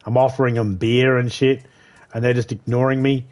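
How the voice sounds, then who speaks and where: A man's voice: medium pitch, little pitch movement, normal speed, a little mellow. A man chatting casually on a live game stream, swearing freely, laughing often and rambling. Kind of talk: casual gaming chat. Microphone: headset.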